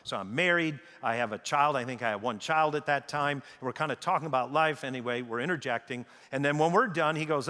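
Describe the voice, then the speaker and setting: A middle-aged American man preaching a sermon as a pastor, emphatic, slowing down and repeating key phrases. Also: mid-range voice, pushed and bright. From United States. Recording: reverberant hall.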